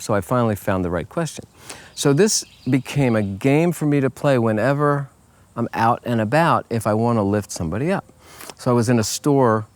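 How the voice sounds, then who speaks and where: Folksy man chatting casually to camera. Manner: relaxed, folksy, peppered with "okay?" and "you know"; acts out quoted voices in a higher pitch. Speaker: life coach. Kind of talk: casual motivational talk to camera.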